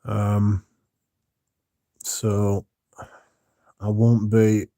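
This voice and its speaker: Mellow, sweary man chatting. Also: on the low side, monotone, extremely slow, no room sound, clean studio sound. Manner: rambling and sweary, chatting to viewers. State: sleepy, yawning. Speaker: livestream host. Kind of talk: casual livestream chat.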